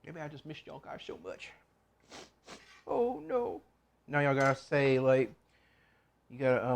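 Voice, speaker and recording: A man's voice: medium pitch, very animated, measured pace, creaky, long pauses. A man hosting a casual cooking vlog, rambling and joking to himself and viewers as he chops in a home kitchen. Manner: rambling, joking, talks to himself while chopping. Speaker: cooking channel host.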